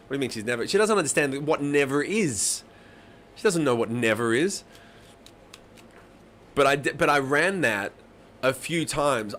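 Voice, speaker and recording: Animated, swearing male storyteller, slightly high voice. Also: a little hiss or hum. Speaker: host of a live songwriting stream. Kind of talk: casual storytelling chat.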